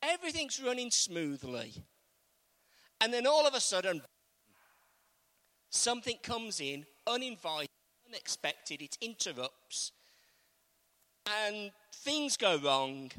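A man's voice: high-pitched, big pitch swings, slow, long pauses, pushed and bright. A man preaching a sermon in a conversational way, asking the congregation questions. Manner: conversational, asks the congregation questions, acts out quotes.

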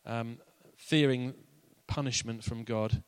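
Male pastor, mid-pitched voice, chatty and humorous, close and dry sound. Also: steady tone, takes it slowly, smooth, no room sound. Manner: conversational and playful, with laughs and asides. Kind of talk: sermon.

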